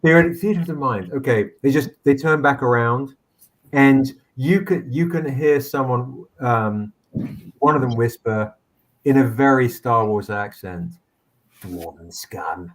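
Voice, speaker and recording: A man narrating as game master in a tabletop game, rambling with frequent restarts. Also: mid-range voice. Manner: rambling, halting, many restarts.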